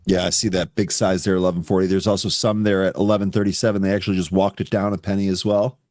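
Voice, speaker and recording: A man with a fairly low voice gives live trading commentary. He fires off ticker symbols and price levels in quick, casual chatter as he watches the charts. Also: little pitch movement, a little mellow. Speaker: co-host of live market show.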